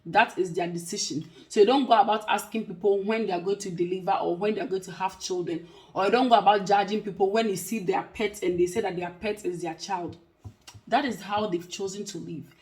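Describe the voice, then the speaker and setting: A woman's voice: medium pitch, fairly quick, a little mellow. Emphatic woman. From Africa. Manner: emphatic, repeats points for stress. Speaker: vlogger and care worker. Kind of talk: casual talk to camera.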